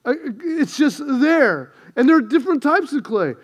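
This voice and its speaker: High-voiced man preaching a sermon. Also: sing-song, moderate pace. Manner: preaching with rising emphasis and humor. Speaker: pastor.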